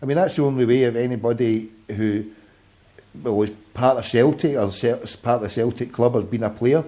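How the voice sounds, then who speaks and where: A man's voice: mid-range voice, brisk, dark tone. A Glaswegian man in his forties hosting a late-night call-in podcast, swearing freely and bantering combatively. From Scotland. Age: 40s. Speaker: podcast host. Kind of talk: casual call-in chat.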